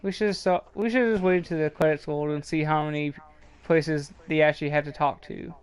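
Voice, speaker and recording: Podcast co-host: man, smooth resonant voice a bit high, playful and defensive. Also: steady tone, fairly quick. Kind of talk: casual chat.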